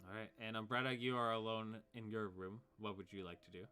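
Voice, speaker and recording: A man narrating as game master in a tabletop game, relaxed and loose with many fillers. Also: fairly low pitch, a little fast, clean tone, faint music behind.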